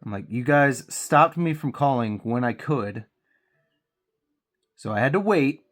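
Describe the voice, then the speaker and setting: A man's voice: mid-range voice, expressive, measured pace, a bit bright, faint music behind. A man with a cold, venting heatedly and profanely while he paints miniatures on his channel. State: congested with a cold.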